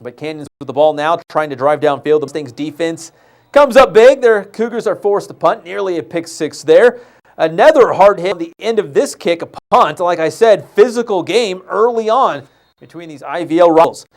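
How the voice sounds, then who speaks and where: Chatty man calling football highlights. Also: normal speed. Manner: loose and chatty, jokes with crew, stumbles on names. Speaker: studio host narrating football highlights. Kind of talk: live high school sports highlight commentary. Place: TV studio.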